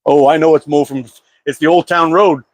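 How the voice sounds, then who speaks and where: A man's voice: a little high, fairly even intonation, moderate pace, dry recording. A man hosting a casual live-stream chat about slingshots, talking in a laid-back, rambling way with lots of "uh" fillers. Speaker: slingshot channel host. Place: at home.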